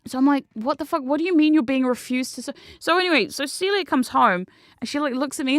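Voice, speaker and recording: A woman's voice: high voice, quick pace, no echo, studio quality. A young woman, telling a story casually and animatedly while she streams a game, with some swearing. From New Zealand. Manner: animated and swearing, with bursts of laughter.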